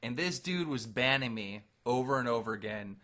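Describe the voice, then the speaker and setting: A young man co-hosting a casual podcast, telling animated stories and laughing often. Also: medium pitch, moderate pace. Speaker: podcast co-host.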